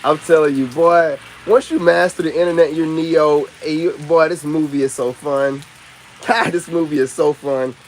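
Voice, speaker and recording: Loose-talking mocking man with bright pitch. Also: steady tone, normal speed, a little hiss or hum. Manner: loose, mocking, lots of filler phrases. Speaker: online commentator. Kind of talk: casual rant to camera.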